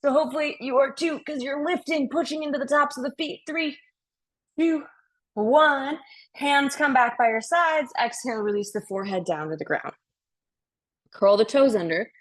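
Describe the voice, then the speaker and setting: Breathy, upbeat woman guiding a yoga class. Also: high-pitched, moderate pace. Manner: upbeat, playful cues with counted breaths. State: slightly out of breath. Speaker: yoga instructor. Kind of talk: guided yoga class instruction.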